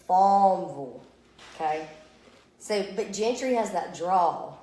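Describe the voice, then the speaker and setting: A woman who is a friend and guest in a casual chat. She reacts quickly and laughs easily. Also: medium pitch, lively intonation. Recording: roomy echo with faint background noise.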